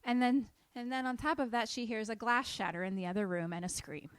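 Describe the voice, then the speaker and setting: A woman's voice: on the high side, a little fast, clear, resonant tone, dry recording. A woman co-hosting a podcast, animatedly retelling a horror movie in casual chat, full of "like" fillers. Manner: animated storyteller, frequent "like" fillers. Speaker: podcast co-host.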